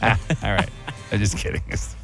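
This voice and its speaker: A man's voice: on the low side, level tone, moderate pace, gravelly, over music. A man hosting a morning radio show, joking and teasing through casual banter with his co-hosts.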